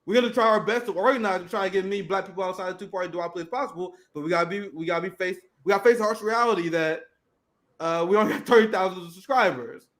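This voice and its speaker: Man, 30s, political co-host; sarcastic, profane, high-ish voice. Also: very fast, fairly bright tone. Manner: sardonic, reads headlines and mocks them. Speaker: podcast co-host. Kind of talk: casual political commentary.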